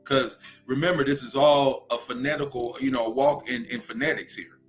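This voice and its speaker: A man's voice: medium pitch, fairly even intonation, normal speed, faint music behind. A young man from Louisiana with a Southern accent hosts a spiritual livestream talk in a preachy way, often asking "right?" to check in with his viewers.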